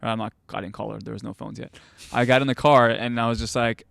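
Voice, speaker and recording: A man's voice: medium pitch, little pitch movement, fast, gravelly, a bit bright, no room sound, studio quality. A young man, a goalkeeper coach and host, telling stories casually with many fillers and restarts. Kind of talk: casual conversational storytelling.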